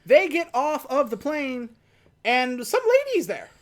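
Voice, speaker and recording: A woman hosting a podcast, recapping a movie in casual comedic chat, laughing and acting out the characters in quick voices. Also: high voice, big pitch swings. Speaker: podcast host.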